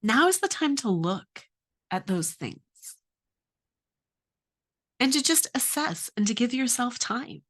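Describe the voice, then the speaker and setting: With a slightly high, sing-song voice, she takes her time and leaves long pauses. This middle-aged relationship coach is earnest, asks many questions, and draws on her own story in her advice.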